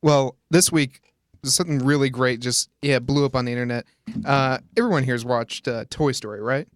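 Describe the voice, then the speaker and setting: A man on a casual talk show who describes an internet story in a relaxed way. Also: medium pitch, moderate pace, no room sound, clean studio sound. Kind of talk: casual chat.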